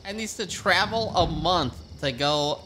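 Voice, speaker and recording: A man's voice: a little high, a little slow, a little hiss or hum. A man streaming a strategy game live, ranting and swearing freely as he plays. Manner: profane, ranting, animated. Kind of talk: live gameplay commentary. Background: game music.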